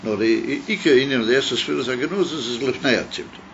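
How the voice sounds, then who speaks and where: Rabbi explaining a text, lo-fi. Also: male voice, medium pitch, fast, fairly bright tone, slight background noise. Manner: explanatory, thinking aloud with restarts. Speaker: rabbi teaching a class. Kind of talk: text-study lesson. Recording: dull lo-fi recording.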